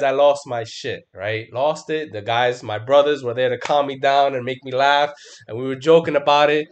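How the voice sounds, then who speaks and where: Man, middle-aged, trading stream host, casual, profane, emphatic, middle pitch. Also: brisk. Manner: emphatic, swears constantly, lots of "right?" and "bro"; mimics his own panicked outbursts. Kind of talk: casual profane livestream chat.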